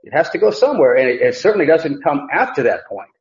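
A man's voice: on the high side, big pitch swings, fast talker. A man teaching a verse-by-verse Bible lesson, emphatic, repeating key phrases and often restarting sentences. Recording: echoey room, dull lo-fi sound.

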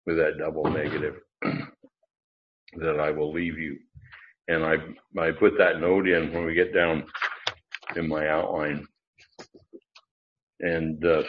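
A very low-pitched man leads a casual Bible class, thinking aloud as he goes and circling back on his phrasing. The recording is muffled and lo-fi. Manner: conversational, thinking aloud with fillers and restarts. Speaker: Bible teacher. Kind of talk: informal Bible lesson. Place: class with online listeners.

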